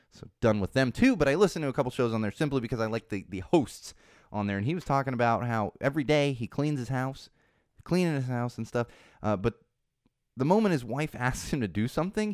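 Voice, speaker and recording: A chatty male host talking loosely and animatedly, his delivery full of fillers and easy chuckles. His voice is smooth and clean, sitting in the middle of the male range. The recording is close and dry, with no room sound. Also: mid-range voice, no room sound. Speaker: podcast host. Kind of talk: casual chat about trending topics.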